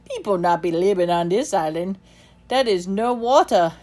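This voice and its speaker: A woman voicing a gruff, protective old island sailor man who roars and speaks slowly and emphatically in a storybook reading. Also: medium pitch, animated, warm tone, lightly acted. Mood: gentle. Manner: roaring, slow and emphatic.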